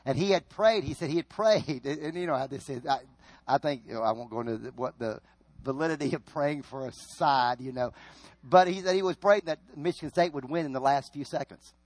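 A man preaching a sermon, telling stories that swing from loud, emphatic peaks to hushed asides. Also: a little high, a little fast, no room sound. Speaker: pastor.

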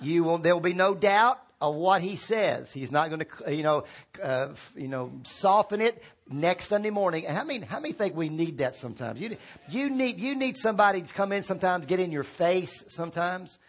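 Man pastor, high voice, casual sermon style, gets the congregation to call words back. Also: expressive, normal speed. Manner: informal, calls on congregation to repeat words. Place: church sanctuary.

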